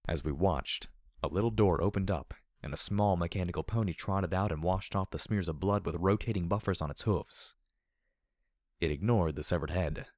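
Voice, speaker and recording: A man reads a dark adventure story aloud in a steady, measured way. His voice sits very low, and the sound is dry and close with no echo at all. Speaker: narrator. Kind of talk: audiobook reading of dark fan fiction.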